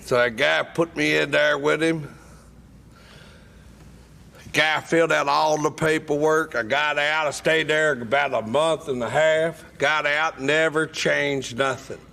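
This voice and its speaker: A man telling a wry, deadpan story from his own life at a recovery meeting. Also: fairly high pitch, unhurried, gravelly. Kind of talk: humorous personal storytelling.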